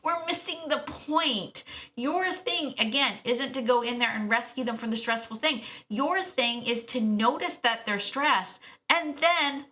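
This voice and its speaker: A woman's voice: sits high, a little slow, pushed and bright. A woman hosting a podcast about dog training, talking in a chatty, enthusiastic way with lots of "right?" asides. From Canada. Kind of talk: casual podcast monologue.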